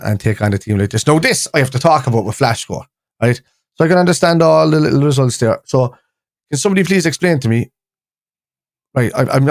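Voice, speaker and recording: A man's voice: medium pitch, a little mellow, no room sound, studio quality. A man hosting a casual fan live stream, rambling with frequent restarts as he reads out viewer comments. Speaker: fan show host.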